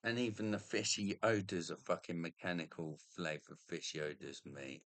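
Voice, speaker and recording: Profane rambling man, deep voice. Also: steady tone, moderate pace, fairly bright tone, dry recording. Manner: profane, rambling, repeatedly says mate. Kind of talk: ranting monologue.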